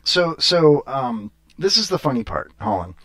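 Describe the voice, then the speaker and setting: A man's voice: medium pitch, sing-song, measured pace, fairly bright tone. A man hosting a podcast, telling a story in casual chat, rambling with many fillers and laughs. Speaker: podcast host.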